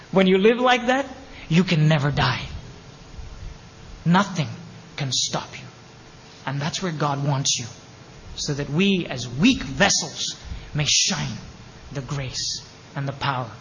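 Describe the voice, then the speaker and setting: A man preaching a sermon as pastor of his church, impassioned, with sudden loud peaks and hushed drops. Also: fairly high pitch, a little hiss or hum. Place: church sanctuary. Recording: long hall reverb, faint ambience.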